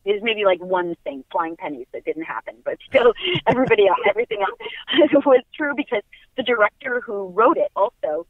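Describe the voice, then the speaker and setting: A woman's voice: mid-range voice, animated, brisk, no room sound. Chatty upbeat woman on a tinny phone line. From Long Island. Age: middle-aged. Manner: upbeat, chatty, laughs often. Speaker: guest actress. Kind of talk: casual phone interview. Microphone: telephone.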